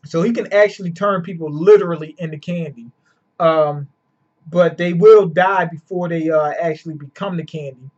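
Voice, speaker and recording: A man's voice: on the high side, normal speed, darkish tone. A man reviewing a manga chapter in casual, profane slang, laid-back and chatty. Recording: lo-fi dull sound.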